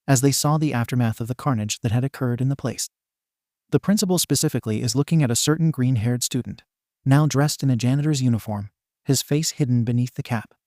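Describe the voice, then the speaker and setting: Sex: man. Role: story narrator. Style: scripted narration, wry and playful. Tone: dark, mellow. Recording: dry. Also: mid-range voice, no room sound.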